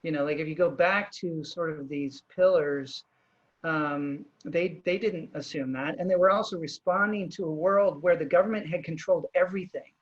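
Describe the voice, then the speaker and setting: A man's voice: a little high, normal speed, muffled recording. Man hosting a video call interview, restarting his thoughts. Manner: thinks aloud with many restarts and fillers. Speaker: host.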